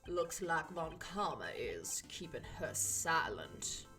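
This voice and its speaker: A composed male prosecutor, voiced by a woman who talks slowly in a measured, lowered tone. The voice stays bright, and faint music runs behind it. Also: sing-song, heavily acted. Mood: dry.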